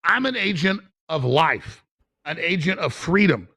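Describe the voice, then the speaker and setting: Fiery gravelly middle-aged man. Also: fairly high pitch, sing-song, unhurried, pushed and bright, dry recording. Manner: fiery, stammering restarts. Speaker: guest. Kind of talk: impassioned political talk.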